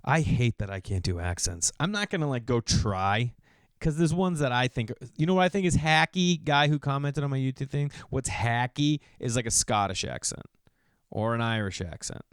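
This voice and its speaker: A man's voice: mid-range voice, lively intonation, normal speed, clear, resonant tone, no echo, clean studio sound. A middle-aged man hosting a podcast, telling loose, digressive comedic stories in a solo monologue. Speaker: podcast host.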